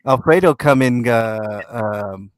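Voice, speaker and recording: A man's voice: mid-range voice, slow, no echo. A man with an American accent hosting a casual talk show, laid-back, laughing often and reading out viewer comments. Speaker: podcast host.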